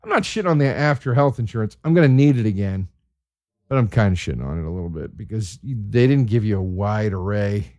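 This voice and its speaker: A man's voice: fairly low pitch, lively intonation, fairly quick, a little mellow, dry recording. A man hosting a podcast, ranting in a casual comedic monologue with plenty of swearing and exasperation. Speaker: podcast host.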